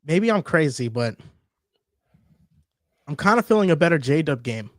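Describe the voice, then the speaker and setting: A man hosting a casual sports debate show, talking in an animated, teasing, emphatic way. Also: a little high, a little slow, dry recording, clean studio sound. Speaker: sports talk show host.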